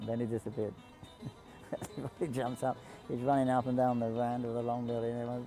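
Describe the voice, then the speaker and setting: A man casually telling devotional stories to a group, halting often with restarts, coughs and throat clearing. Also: mid-range voice, fairly even intonation, warm tone, faint music behind, low-quality recording. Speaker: storyteller speaking to pilgrims.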